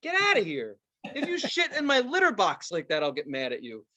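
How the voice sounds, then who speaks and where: Dude with a pretty high voice, swoops all over the place, swearing up a storm in a casual podcast chat. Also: male voice, fairly quick. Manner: animated, profane ranting. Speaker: podcast co-host.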